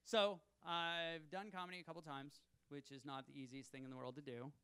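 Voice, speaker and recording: Young guy, stand-up comic; self-deprecating, nervous delivery, gravelly voice, smooth, ringing tone. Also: fairly high pitch, flat delivery, brisk, sharp tone. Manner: self-deprecating, nervous, chuckling at his own jokes. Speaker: stand-up comedian. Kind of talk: stand-up set. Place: comedy club stage.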